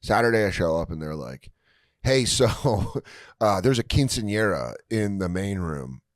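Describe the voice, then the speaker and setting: A man's voice: deep voice, normal speed, dry recording, studio quality. A man, a comedian guest on a podcast, telling road stories in casual chat and acting out hecklers' voices. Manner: animated, acts out hecklers' voices.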